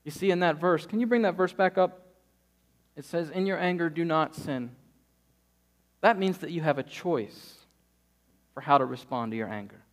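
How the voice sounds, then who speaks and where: High-voiced pastor preaching with energy. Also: male voice, moderate pace, pauses often. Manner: lively storytelling, acts out quotes. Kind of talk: sermon.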